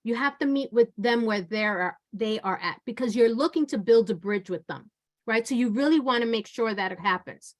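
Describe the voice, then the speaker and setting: A woman in her fifties leads an online workshop from a video call. Her voice sits fairly high, and her delivery is loose and conversational. She keeps checking in with her audience and calls on listeners by name. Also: moderate pace. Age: 50s. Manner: conversational, keeps asking "right?"; engages audience by name, chatty. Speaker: workshop presenter. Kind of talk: online webinar presentation.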